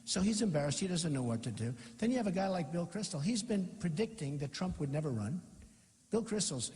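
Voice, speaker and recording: A man's voice: on the high side, a little mellow. A man giving an off-the-cuff campaign rally speech, rambling, repeating himself and mocking opponents in a boastful way. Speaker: political candidate. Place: large rally venue with a crowd. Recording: long hall reverb.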